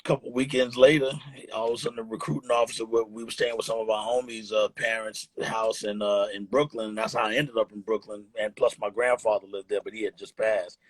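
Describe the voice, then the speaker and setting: A man's voice: lowish voice, fairly even intonation, brisk, dry recording, low-quality recording. A man in his fifties from Texas, telling stories in a rambling, casual way on a live phone stream. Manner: rambling, restarts and "you know" fillers. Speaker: host of a live chat. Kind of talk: casual storytelling chat. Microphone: phone on a live video stream.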